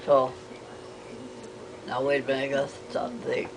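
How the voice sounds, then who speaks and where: An older woman telling rambling family stories, halting with frequent restarts. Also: a bass voice, monotone, vocal fry, a little hiss or hum, rough recording. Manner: hesitant, halting, with many restarts. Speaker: interviewee.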